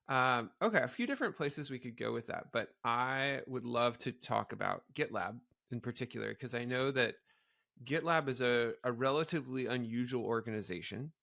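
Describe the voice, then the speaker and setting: A man hosts an interview podcast, curious and enthusiastic. His voice has a gravelly fry and a bright, forward edge. The sound is dry and close, with no room echo. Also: medium pitch. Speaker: podcast host. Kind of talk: interview conversation.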